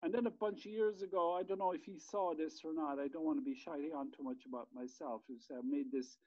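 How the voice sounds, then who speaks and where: A man's voice: fairly high pitch, fairly even intonation, fast, darkish tone, dry recording, muffled recording. A man, a podcast guest telling a rambling, profane story in casual chat. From Ireland. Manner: rambling, swears freely, many restarts.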